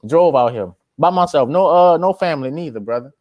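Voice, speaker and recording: Young man, Louisiana accent, laid-back drawl, slightly high voice, dry close recording. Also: lively intonation, fairly quick, no room sound, dull audio. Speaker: interviewee, aspiring rapper. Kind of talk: casual street interview.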